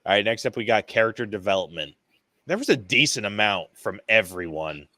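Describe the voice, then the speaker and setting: Excitable man gushing over a movie. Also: fairly low pitch, fairly quick, no echo. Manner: excitable, swears often, acts out scenes in quoted voices. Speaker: podcast co-host. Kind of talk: casual movie review chat.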